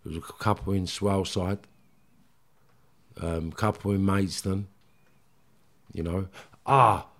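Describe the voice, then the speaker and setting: Middle-aged man, blunt and sweary, fairly low voice, casual podcast storytelling. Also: steady tone, a bit bright. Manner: blunt, swears often, halting restarts. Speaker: podcast guest.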